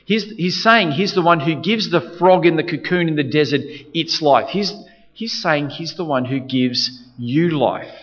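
A man delivers a sermon in a fairly high voice, hammering his points home through repetition and frequent restarts. His voice carries a long reverb, as if filling a large hall, and the recording sounds a little dull. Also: unhurried, a bit bright. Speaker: preacher.

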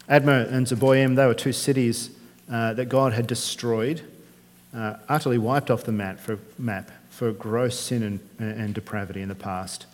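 This male pastor delivers his sermon conversationally, posing frequent rhetorical questions to the congregation. His voice is mid-range with fairly even intonation and normal speed, echoing in the long reverb of a church hall.

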